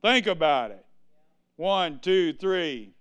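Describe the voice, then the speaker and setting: A male preacher giving an exuberant sermon, breaking into sudden shouts and asking the congregation to answer him. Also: a little high, lively intonation, takes it slowly, slight background noise.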